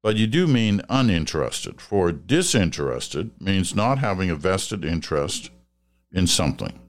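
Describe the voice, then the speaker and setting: Older Canadian man with a very low voice. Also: unhurried. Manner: relaxed, musing, chuckles often. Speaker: podcast host. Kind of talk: casual chat, reading listener letters.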